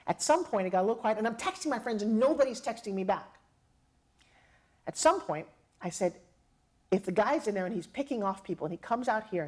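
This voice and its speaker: A middle-aged woman telling a personal story, dramatic and expressive, acting out the voices of the people in it. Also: medium pitch, a little fast. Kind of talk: animated storytelling.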